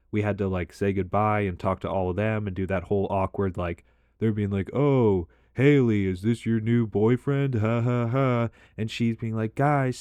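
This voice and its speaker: Storytime guy: lowish male voice, dry close sound, loose filler-heavy rambling with frank swearing. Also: a little mellow, no room sound. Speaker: storytime commentator. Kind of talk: casual storytelling over gameplay.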